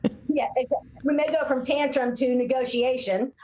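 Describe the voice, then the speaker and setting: Animated older woman clinician, roomy echo. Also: high voice, a little fast, a crowd in the background. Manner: animated storyteller who acts out voices. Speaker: speech-language pathologist guest. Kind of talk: podcast interview.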